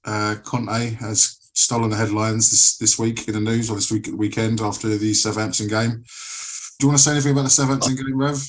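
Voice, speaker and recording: A man's voice: lowish voice, level tone, fairly quick. A man hosting a casual football podcast, rambling and swearing freely. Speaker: podcast host. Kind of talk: casual chat.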